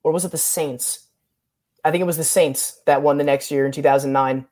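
A man runs a relaxed trivia game with a friend, ribbing him with mock apologies. His talk is loose and casual, full of false starts and quick corrections. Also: fairly high pitch. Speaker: podcast co-host running a sports trivia quiz. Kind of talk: casual chat.

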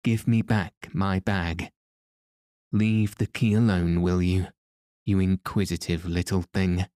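A man's voice: low voice, little pitch movement, slow pace, dark tone, no room sound, studio quality. A man reading the lines of a menacing, jealous masked man in an audiobook, with a threatening delivery.

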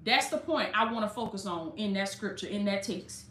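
Bright fervent woman preaching online. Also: medium pitch, animated, moderate pace, reverberant, a little hiss or hum. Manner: fervent call-and-response preaching, addresses viewers as baby. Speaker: preacher and life coach. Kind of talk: informal online sermon.

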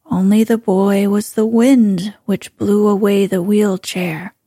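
A woman voicing a stern old mountain grandfather in a calm, slow, soft bedtime story reading. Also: mid-range voice, husky, no echo, clean studio sound. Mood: matter-of-fact.

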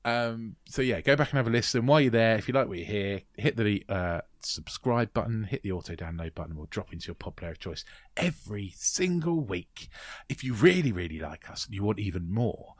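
Man, podcast host, lowish voice, dry close mic, stumbles over words, casual plug. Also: expressive, fairly quick, no echo. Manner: rambling, stumbling over words, self-deprecating. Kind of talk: casual podcast outro, plugging the show.

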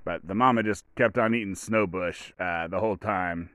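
Man, podcast host, low voice, rambling monologue, dry recording. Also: moderate pace, hardly any pauses, a bit bright, smooth, dry recording. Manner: rambling, retells movie scenes and acts out quotes. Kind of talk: casual solo podcast monologue.

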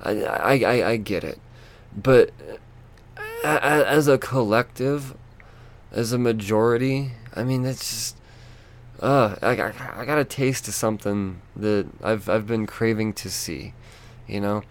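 A man hosting a solo podcast, ranting in a frustrated, profane way with lots of halting restarts. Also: lowish voice. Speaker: podcast host.

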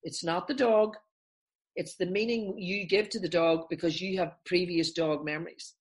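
A woman therapist, a guest on a podcast, explaining a calming technique step by step and acting out everyday examples in different voices. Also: lowish voice, normal speed. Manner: animated, acts out examples in voices.

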